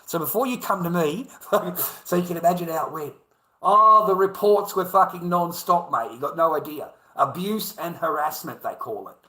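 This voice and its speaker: A man's voice: fairly high pitch, expressive, brisk, hardly any pauses, fairly bright tone, rough recording. A middle-aged man with an Australian accent, rambling through a profane livestream monologue and calling his viewers mate.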